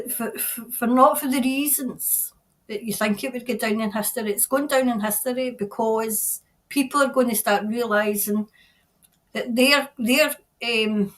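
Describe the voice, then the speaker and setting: A middle-aged woman giving a spontaneous tarot reading, earnest and halting, often repeating her phrases. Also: on the high side, a bit bright, rough recording. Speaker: tarot reader.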